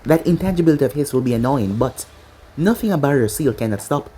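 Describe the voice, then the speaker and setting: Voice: mid-range voice, lively intonation, quick pace, warm tone, breathy edge. A narrator as a cold resolute young ninja. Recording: faint music behind.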